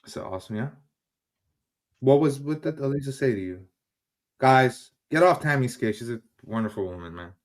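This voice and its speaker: A man's voice: mid-range voice, lively intonation, normal speed, pauses often. A man hosting a casual livestream from his home kitchen, answering chat in a heated, frustrated way and swearing often. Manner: heated, swearing, switches between English and German. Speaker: livestream host.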